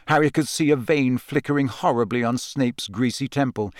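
A man working as an audiobook narrator reads a novel in a measured storytelling voice, delivering scripted narration. His voice is mid-range, and the recording is dry and of studio quality.

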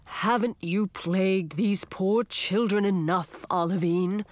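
A woman voicing a calm, stern old male ghost king in a storybook reading, speaking slowly and evenly. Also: medium pitch, dry recording, lightly acted.

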